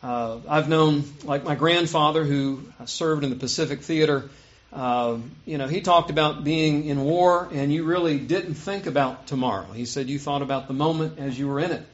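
A male pastor giving a sermon with a slightly high-pitched voice. He talks earnestly and builds to emphatic peaks on scripture verses. The recording sounds dull and lo-fi. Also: moderate pace.

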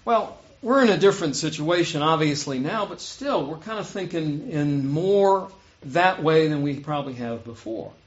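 A man's voice: on the high side, animated, normal speed, highs cut off. A man preaching a sermon in an earnest way, rising to emphatic peaks when he reads scripture. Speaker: pastor.

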